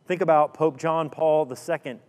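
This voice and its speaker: A man preaching a sermon, telling a story dramatically with rhetorical questions and sudden drops to a hush. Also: fairly high pitch, fairly even intonation, normal speed. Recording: long hall reverb.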